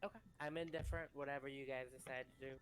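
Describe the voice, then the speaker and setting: A man's voice: medium pitch, steady tone, fast talker. A man taking part as a player in a tabletop game, polite and easygoing.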